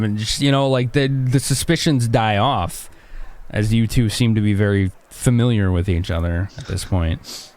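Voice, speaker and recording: A man's voice: fairly low pitch, moderate pace, a little mellow. A man narrating as game master in a tabletop game, talking loosely and chattily.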